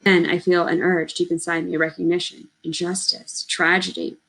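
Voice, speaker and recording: A woman reading a novel aloud in a measured, steady storytelling voice. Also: fairly low pitch, vocal fry, poor audio. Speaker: audiobook reader.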